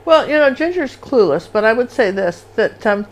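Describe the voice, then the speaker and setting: A woman's voice: fairly high pitch, lively intonation, normal speed, slight background noise. A woman hosting a live painting lesson, chatty and rambling, humming little rhythms as she sketches. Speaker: painting instructor and show host.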